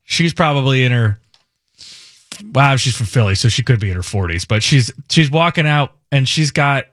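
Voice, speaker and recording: A man's voice: mid-range voice, moderate pace, no echo. A man hosting a radio talk show, chatting casually and laughing at the clips he plays. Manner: amused, animated commentary.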